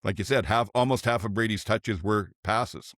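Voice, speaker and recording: A man's voice: on the low side, moderate pace, no echo, clean studio sound. An older man hosting a podcast, chatting casually about football and thinking aloud as he goes. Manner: relaxed, thinks aloud with restarts. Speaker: podcast host. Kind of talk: casual sports chat.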